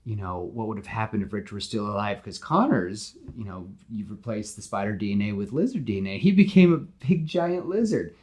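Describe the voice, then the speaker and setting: A man voicing a calculating businessman who speaks slowly and quietly, in a retold movie pitch. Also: expressive. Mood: scheming.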